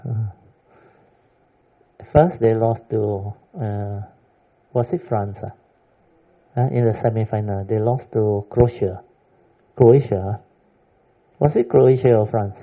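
A man's voice: fairly low pitch, slow pace, long pauses. A man giving an informal Buddhist Dhamma talk, emphatic and chatty, often checking whether his listeners understand. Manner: keeps asking "understand or not?", emphatic and chatty. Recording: dull lo-fi recording.

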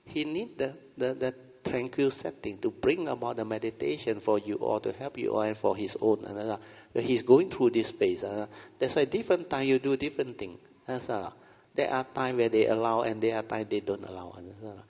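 A man's voice: mid-range voice, moderate pace, creaky. A man giving an informal meditation talk, often asking "understand?" and chuckling. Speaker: meditation teacher. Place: meditation hall. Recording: dull audio in a long-reverb hall.

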